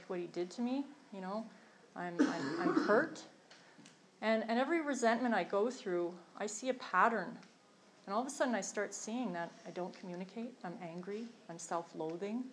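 A woman's voice: mid-range voice, poor audio. A middle-aged woman candidly sharing her recovery journey, earnest and self-deprecating, with many fillers and restarts. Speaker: recovery program member sharing her story. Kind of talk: candid personal testimony.

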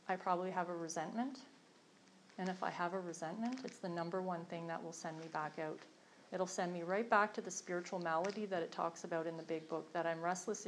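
A woman's voice: on the low side, a little hiss or hum. A middle-aged woman giving a candid, rambling personal testimony with self-deprecating humor to a group in a meeting room. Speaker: speaker sharing her recovery story.

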